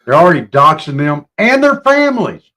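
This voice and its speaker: Male co-host, animated ranter with a bouncy, lively voice, mocking tone. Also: a little fast. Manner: ranting, mocking, swings between loud outbursts and low mutters. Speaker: show co-host. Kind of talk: casual political chat.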